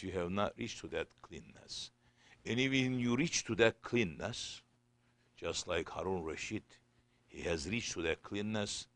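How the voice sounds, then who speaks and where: A man's voice: sits low, vocal fry, fairly bright tone, no echo. A man preaching a sermon as a sheikh, telling stories in simple non-native English.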